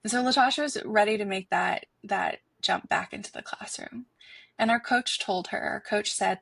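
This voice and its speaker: A woman's voice: mid-range voice, normal speed, vocal fry, a bit bright, breathy edge, no echo. A woman guest on a podcast interview, speaking in an earnest, heartfelt way with frequent restarts. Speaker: guest, foundation institute director.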